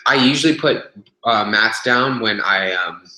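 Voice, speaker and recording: Recorded on a room webcam with echo and a noisy background, a young man tells a rambling gym story on a casual webcast. His lowish voice is animated yet unhurried, and he swears freely, with plenty of fillers and restarts.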